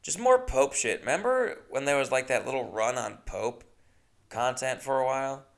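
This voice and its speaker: A man's voice: medium pitch, lively intonation, normal speed, vocal fry. A man hosting a solo podcast, rambling casually with chatty, self-mocking asides. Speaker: podcast host.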